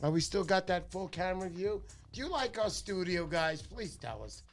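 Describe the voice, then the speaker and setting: A man's voice: sits high, lively intonation, normal speed, soft background music. A middle-aged man hosting a fishing channel livestream, chatting casually and joking with viewers.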